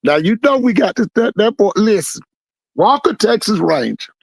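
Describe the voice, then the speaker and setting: A man's voice: sits high, very animated, moderate pace, gravelly, slightly rough, dry recording, low-quality recording. A man co-hosting a casual sports podcast, laid-back and playful, repeating himself as he goes. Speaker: podcast co-host.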